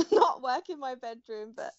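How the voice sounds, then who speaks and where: A woman's voice: high voice, lively intonation, unhurried, no room sound. A young woman, an embroidery artist, chatting as an interview guest, laughing often and talking with plenty of fillers and restarts. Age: young adult. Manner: warm, giggly, many fillers and restarts. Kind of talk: casual interview chat. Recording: dull dry home-mic sound.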